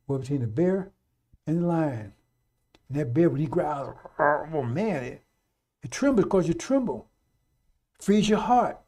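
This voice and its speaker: Urgent, profane man preaching on live radio. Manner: urgent and repetitive, swings from loud exhortation to low muttering; blunt and profane, calls out to brothers and sisters.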